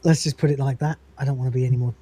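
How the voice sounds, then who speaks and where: A man hosting a livestream, casually recapping a comedy episode, swearing and rambling, reading out lines in quick voices. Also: medium pitch, steady tone, mellow. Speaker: podcast host.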